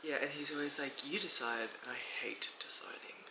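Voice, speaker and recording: A woman's voice: low voice, normal speed, roomy sound, noisy background. A young woman, chatting casually and teasingly in a vlog Q&A at home. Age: young adult. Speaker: vlogger. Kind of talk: casual Q&A chat. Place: room at home, at night.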